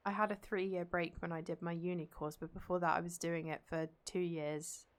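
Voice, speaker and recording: A woman's voice: lowish voice, little pitch movement, normal speed. A young woman streamer and drama teacher, rambling casually as she plays a game and reads chat aloud and answers it.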